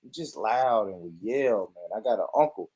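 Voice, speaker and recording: A man hosting a show, reacting in casual commentary with loud, profane talk and frequent laughter. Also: on the low side, animated, normal speed, a little hiss or hum. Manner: loud, profane, laughs a lot, addresses viewers.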